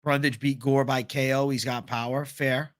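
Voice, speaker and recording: A man's voice: mid-range voice, level tone, moderate pace, fairly bright tone, no echo, clean studio sound. A young man hosting a livestream, chatting casually about fight picks, swearing and reading out viewer comments. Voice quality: casual, profane, reads chat aloud. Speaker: MMA livestream host.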